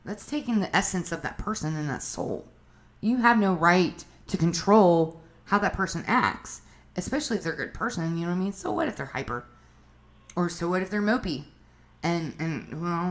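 A woman's voice: fairly low pitch, lively intonation, moderate pace. A woman with a Southern US accent giving relationship advice in a blunt, profane, emphatic casual monologue. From Southern United States.

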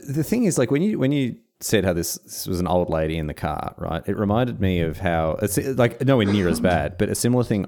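Podcast co-host, man, quick delivery, swinging pitch, jokey storyteller. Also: darkish tone. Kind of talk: casual chat.

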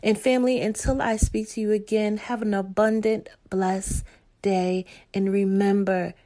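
A woman's voice: medium pitch, flat delivery, moderate pace, warm tone. A woman speaking directly to her viewers with earnest, pleading devotional encouragement and repeated affirmations.

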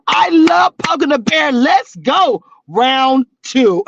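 A woman's voice: sits high, sing-song, very slow, very noisy. A woman hosting her own live stream as a reality TV blogger, chatting casually with viewers in a sassy, teasing, slangy way and laughing a lot. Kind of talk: casual live-stream chat reading comments. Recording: dull, lo-fi and dry.

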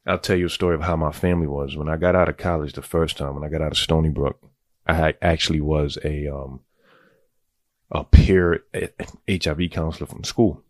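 A man's voice: very deep voice, fairly even intonation, brisk, a little mellow, no room sound, clean studio sound. A man telling a long, rambling personal story in casual, profane street talk. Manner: rambling, streetwise, goes on tangents.

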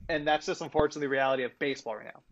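A man co-hosting a casual sports chat, talking in an animated way and swearing freely. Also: fairly high pitch, very fast, lo-fi sound. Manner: animated, swears freely, laughs between points. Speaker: podcast co-host.

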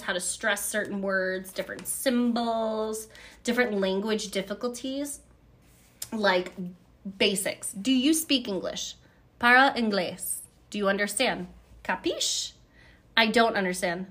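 A woman's voice: medium pitch, a bit bright. A woman from the United States hosts a podcast by herself. She talks in a loose, chatty way and drifts between thoughts. She stops now and then to read phrases aloud. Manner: chatty, rambling, reads phrases aloud from a book. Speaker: podcast host. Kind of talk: casual solo podcast talk.

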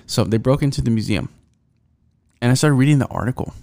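This young podcast host talks fast in a warm, medium-pitched voice. Alone on his casual show, he rants and rambles, swearing freely and piling up fillers and restarts.

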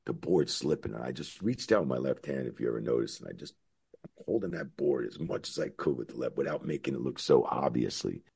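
A middle-aged man from the United States, a former referee, telling stories animatedly and acting out shouted quotes. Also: expressive, a little fast, slight background noise. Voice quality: very deep gravelly voice. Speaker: former wrestling referee, guest. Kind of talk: storytelling interview answer.

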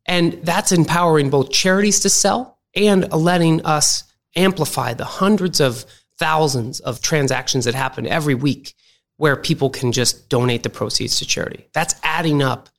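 A man's voice: fairly high pitch, moderate pace, vocal fry. A man, a company executive, talking through an interview and telling stories with energy. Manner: animated storyteller, acts out quoted people. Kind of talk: conversational interview.

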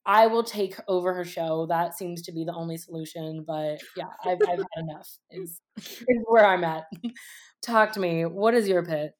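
A woman's voice: fairly low pitch, normal speed. Sassy, sarcastic young woman. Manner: sassy, sarcastic, laughs often. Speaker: podcast co-host. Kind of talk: casual chat.

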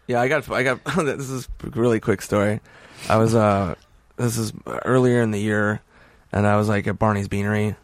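A man's voice: on the low side, normal speed, no echo. A man who is a comedian guest, telling swear-filled stories on a casual podcast and acting out the voices of the people in them. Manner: animated, swears a lot, acts out voices in stories.

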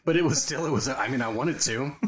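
A middle-aged man co-hosts a podcast, relaying family stories in a casual, lively chat, acting out quotes in voices and laughing often. He speaks briskly at a medium pitch, with background noise present.

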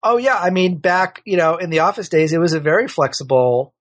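A man's voice: a little high, fairly quick, a bit bright, no echo. A middle-aged man talking as a podcast guest in a casual, candid, rambling way, often correcting himself. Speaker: podcast guest, working father. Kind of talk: casual conversational interview.

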